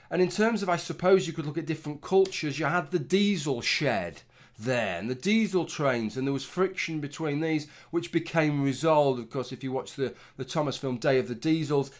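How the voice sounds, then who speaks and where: Rambling, sweary man. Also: on the high side. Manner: rambling, sweary, with frequent restarts. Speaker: commentary vlogger. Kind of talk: casual opinion commentary.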